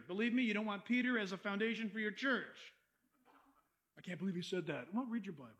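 A man preaching a sermon, animated and conversational, acting out quoted voices and asides to the congregation. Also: extremely high pitch. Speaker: pastor.

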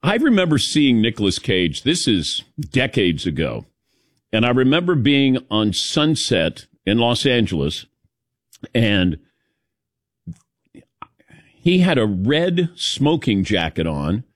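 A man's voice: mid-range voice, slow pace, pauses often, no room sound, studio quality. A middle-aged man hosting a morning sports radio show, chatting casually and jokingly calling on his crew by name. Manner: lively, jokey, calls on crew by name. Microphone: studio microphone.

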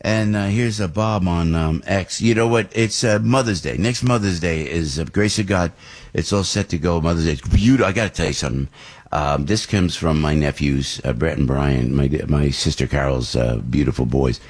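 A man's voice: a bass voice, normal speed. A middle-aged man hosting a radio show, chatting casually and rambling with lots of fillers and restarts. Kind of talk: casual on-air chat.

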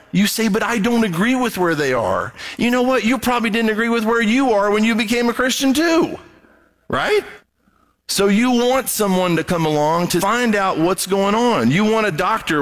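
A man preaching a sermon, animated, acting out quoted voices as he goes. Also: high voice. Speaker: pastor.

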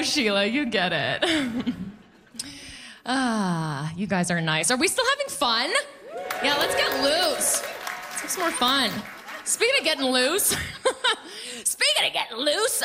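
A woman in her thirties doing a stand-up comedy set on a club stage, animated and acting out quotes in put-on voices. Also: on the high side.

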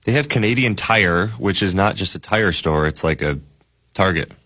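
A man's voice: low-pitched, animated, normal speed, bright, forceful tone. A man on a casual talk show, telling an easygoing story. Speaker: co-host. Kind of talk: casual chat.

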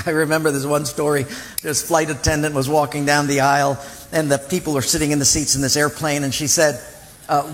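This sermon comes from a man with a fairly high pitch speaking at normal speed, with a little hiss or hum and long hall reverb. He tells illustrative stories with animation, performing the voices of the people in them.

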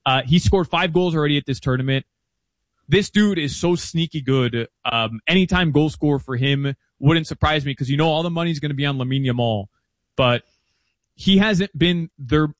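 A man chatting as a guest analyst about soccer betting, chatty and animated with quick asides. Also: fairly high pitch, no echo. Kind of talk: casual interview chat.

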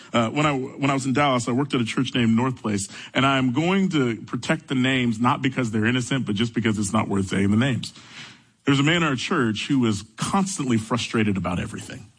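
A man's voice: medium pitch, fast talker, slightly rough, rough recording. A young man preaching a sermon, telling a story from his own church days as he explains a Bible passage. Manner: storytelling, animated when retelling his own encounter. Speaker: pastor.

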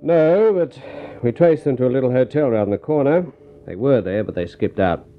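A practical detective speaks briskly and plainly as a man plays him, his voice lively in pitch. The sound is thin and narrow, like an old radio broadcast heard over a phone line. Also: faint music behind, natural voice. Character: practical male detective friend. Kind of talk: vintage radio drama acting.

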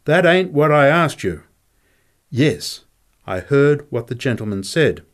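A calm, courteous camp cook in a storybook reading, as a man puts him on, pitched a little above the reader's own voice. He speaks in a polite, measured way, unhurried and steady.

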